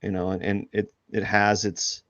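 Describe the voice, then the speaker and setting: An artist on a live drawing stream chats casually, rambling with many restarts and fillers and laughing at himself. His lowish voice is completely flat in delivery and a bit bright, at a moderate pace. The recording is dull, lo-fi, and dry, with no echo.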